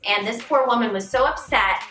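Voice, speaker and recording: A middle-aged woman, the vlogger's mother, telling a story in animated, casual chat. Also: fairly high pitch, a little fast, reverberant, distant mic, soft background music.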